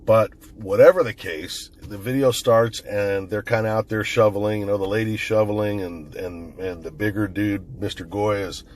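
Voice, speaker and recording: Guy talking into his phone, lowish voice, loose and profane, keeps restarting his sentences. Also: steady tone, moderate pace, hardly any pauses. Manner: rambling, profane, conversational, with frequent restarts. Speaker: firearms commentator. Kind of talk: casual storytelling commentary.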